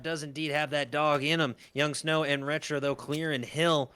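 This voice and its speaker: A Midwestern American man calling live esports play-by-play with energetic score calls, his voice a little sore. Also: fairly high pitch, moderate pace, few pauses, background noise. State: voice sore from long commentating. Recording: gunfire and game sounds over the voice. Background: game gunfire.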